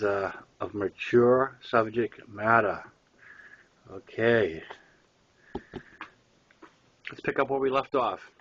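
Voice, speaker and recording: A man reading his own first-person novel aloud, relaxed and conversational with small fillers. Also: mid-range voice, highs cut off. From Boston area. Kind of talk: first-person memoir narration.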